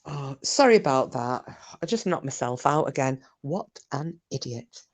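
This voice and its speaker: Low-voiced chatty Scottish woman. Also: lively intonation, normal speed, darkish tone. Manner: chatty and teasing, mild swearing. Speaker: livestream host. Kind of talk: casual livestream chat reading comments aloud.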